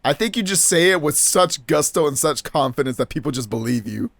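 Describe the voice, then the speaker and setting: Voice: mid-range voice, expressive, fairly quick, creaky, a bit bright, dry recording. A let's play gamer giving casual, chatty game commentary with a self-mocking manner.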